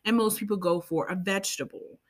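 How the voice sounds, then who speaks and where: Speaking a little fast in a medium-pitched voice, this podcast co-host keeps the chat casual, wandering into tangents and tossing in playful asides.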